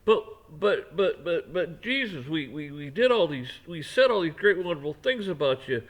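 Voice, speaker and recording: A man's voice: fairly high pitch, expressive, moderate pace, voice pushed up. A man putting on the voice of a pleading, hypocritical churchgoer who stammers and repeats himself.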